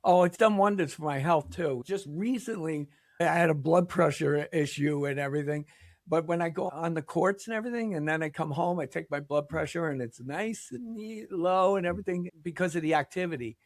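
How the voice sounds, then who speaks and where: Older man, slightly high voice, dry close sound, rambling animated storyteller, podcast guest. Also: a little fast, no echo. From New York. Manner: rambling, animated storyteller who acts out quotes. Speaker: podcast guest, pickleball league founder. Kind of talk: casual interview storytelling.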